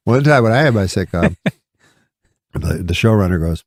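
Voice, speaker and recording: Male comedian guest, very low and gravelly, rambling anecdotes, dry close sound. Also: normal speed, pauses often, a little mellow, no echo. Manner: rambling anecdotes with many fillers and acted-out quotes. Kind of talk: casual talk-show storytelling.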